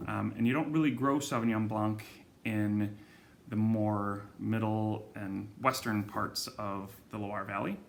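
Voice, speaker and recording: Low gravelly man talking casually. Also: unhurried, a little hiss or hum. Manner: relaxed and chatty, with frequent ums and self-corrections. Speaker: wine shop host presenting monthly wine club picks. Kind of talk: casual video talk to camera.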